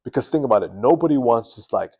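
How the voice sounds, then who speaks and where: A man giving earnest advice straight to the camera, deliberately pushing his tone up and down and sometimes restarting words. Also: mid-range voice, husky. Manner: earnest, animated, varies tone up and down on purpose, restarts words. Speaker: self-improvement video host. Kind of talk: direct-to-camera advice talk. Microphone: camera mic.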